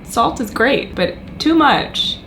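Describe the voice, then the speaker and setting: Brief: woman from the American South, gentle candid chat, laughs often, outdoors, faint noise. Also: sits high, lively intonation, takes it slowly, vocal fry, low-quality recording. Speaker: vlogger's wife. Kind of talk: casual chat.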